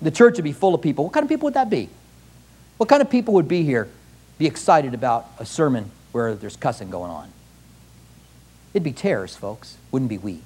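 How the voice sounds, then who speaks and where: A man's voice: medium pitch, very animated, a little fast, a little mellow, husky. A male pastor preaching a fervent sermon in a church, firing pointed rhetorical questions at the congregation.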